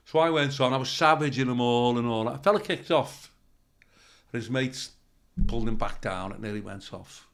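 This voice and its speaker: A male comedian spins rambling, anecdotal stories in a podcast interview, swearing as he goes. His voice sits at an everyday middle pitch. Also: moderate pace. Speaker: comedian guest.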